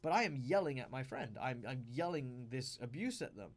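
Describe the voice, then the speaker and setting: A man's voice: medium pitch, animated, moderate pace. An Australian man hosting a tabletop game advice video, talking casually and emphatically with lots of fillers and restarts.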